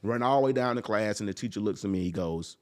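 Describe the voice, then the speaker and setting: A young man, a podcast guest, telling a personal story in a casual, animated way and acting out the people in it. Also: lowish voice, fast. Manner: animated, acts out quoted people.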